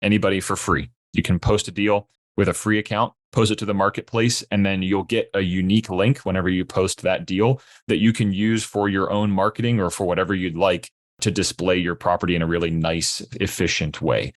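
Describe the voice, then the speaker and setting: Young male founder, very low voice, dry close sound, explaining steadily. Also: fairly even intonation, fairly quick, dry recording. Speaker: startup founder guest. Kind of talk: podcast interview.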